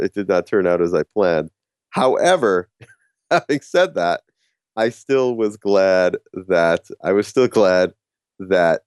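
A middle-aged man telling a casual personal story about courage, halting with frequent restarts and laughing at himself. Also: low-pitched, darkish tone, smooth, no room sound, clean studio sound. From New Jersey. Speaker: speaker on courage.

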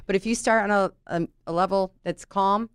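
A woman's voice: mid-range voice, fairly even intonation, normal speed, smooth, no echo, clean studio sound. A middle-aged woman in casual conversation, talking through work stories and often checking in with "right?". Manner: chatty, tells anecdotes, frequent "you know" and "right?". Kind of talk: casual chat.

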